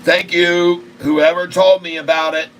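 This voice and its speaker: A man hosting a live day-trading stream, excitable and repetitive, cracking crude jokes and bursting out loudly. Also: high-pitched, unhurried, slight background noise. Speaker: day-trading livestream host.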